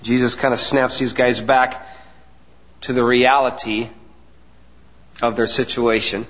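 A man's voice: mid-range voice, flat delivery. Earnest preaching man in an echoing hall. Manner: earnest preaching with emphatic pauses, drops to soft asides. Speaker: pastor. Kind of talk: sermon. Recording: dull sound with long hall reverb.

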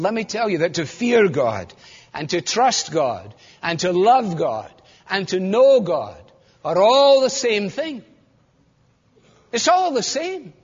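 A man's voice: high voice, slightly rough. A man preaching a sermon, explaining scripture with rhetorical questions and rising to fervent emphasis. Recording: dull muffled sound in a reverberant hall.

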